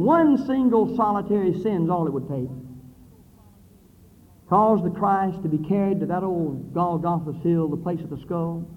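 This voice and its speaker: Man, sermon, high-pitched, long echo of a church hall, swinging from loud to hushed. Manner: dramatic, swinging between loud declaiming and low hushed passages. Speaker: preacher. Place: church building with brick wall. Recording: phone-like thin sound in a reverberant hall.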